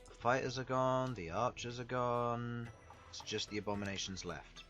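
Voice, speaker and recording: A man's voice: mid-range voice, steady tone, moderate pace, over music. A man narrating a tabletop game as dungeon master, laughing often as he goes.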